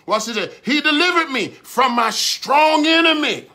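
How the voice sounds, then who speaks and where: A man preaching a livestreamed sermon, swinging from calm talk to shouted repeated prayers. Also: very high voice, measured pace. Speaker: pastor.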